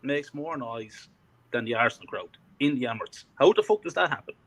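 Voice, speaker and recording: A man's voice: medium pitch, fairly quick. A man, co-hosting a casual fan chat and telling heated, expletive-filled stories. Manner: swearing heavily, heated and animated storytelling. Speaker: co-host of a fan podcast.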